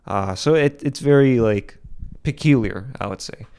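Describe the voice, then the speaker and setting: A man's voice: mid-range voice, normal speed, a little mellow, clean tone. A young man from Boston hosting a solo commentary podcast, rambling with frequent restarts and self-corrections. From Boston, USA. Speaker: podcast host.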